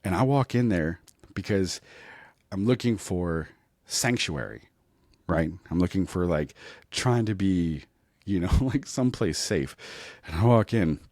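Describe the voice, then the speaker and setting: A comedian with a very low, deep voice tells a story casually and with plenty of self-mockery, often checking in with his listeners. The sound is close and dry, with no room echo. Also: unhurried, pauses often. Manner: animated, self-mocking, keeps checking in with "right?". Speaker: comedian and podcast host.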